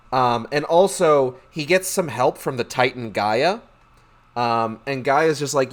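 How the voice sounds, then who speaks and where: A man's voice: medium pitch, lively intonation, unhurried, fairly bright tone. A man casually recapping game lore with sarcastic, profane, slangy humor and lots of fillers.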